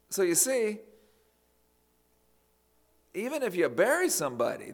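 A man preaching a sermon in a conversational way, with folksy asides and emphatic peaks. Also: fairly high pitch. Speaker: pastor.

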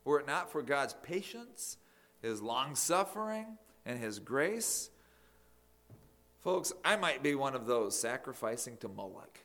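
A man's voice: mid-range voice, sing-song, measured pace. Emphatic male preacher. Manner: emphatic, swings from loud to near whisper. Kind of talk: sermon.

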